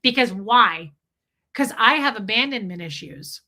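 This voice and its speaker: A woman's voice: a little high, animated, unhurried, bright, forceful tone. A woman hosting a casual livestream, answering viewers in a candid, blunt way and swearing freely. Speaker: livestream host.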